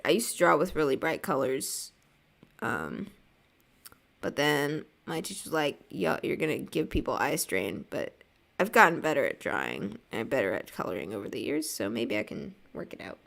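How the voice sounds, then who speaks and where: A woman's voice: deep voice, sing-song, normal speed, creaky, a bit bright. A young American woman chatting casually on her livestream while drawing, reading viewer messages aloud and rambling with lots of "like" and small laughs. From United States. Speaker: art streamer.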